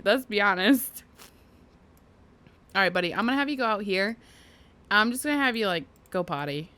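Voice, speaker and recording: A woman's voice: a little high, pushed and bright. Chatty, giggly woman narrating her gameplay. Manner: chatty, giggly, talks to her game characters. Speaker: gaming video host. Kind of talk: casual let's-play commentary.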